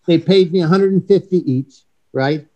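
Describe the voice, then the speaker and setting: A man's voice: fairly high pitch, moderate pace, muffled recording. Rambling, swearing middle-aged male storyteller. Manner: animated, rambling, profane anecdote-teller. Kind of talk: casual storytelling chat.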